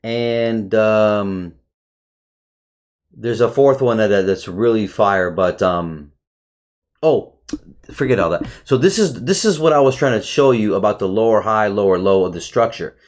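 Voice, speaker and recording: Profane, excitable man reviewing charts. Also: lowish voice, measured pace. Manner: excitable, profane, talks to viewers as bro. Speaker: trading educator. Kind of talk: casual screen-share chart review.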